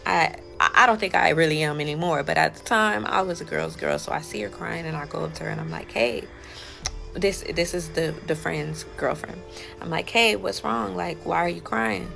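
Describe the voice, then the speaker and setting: Gravelly low-voiced woman telling her story. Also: moderate pace, fairly bright tone, faint music behind. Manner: rambling, full of fillers and self-quotes. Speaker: storyteller recounting her own life. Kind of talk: casual storytime monologue.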